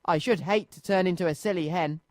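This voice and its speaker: A man's voice: high-pitched, a little fast, a little mellow, dry recording, lightly acted. A man voicing Noddy, an eager and fretful little toy boy, in a children's storybook reading full of anxious exclamations.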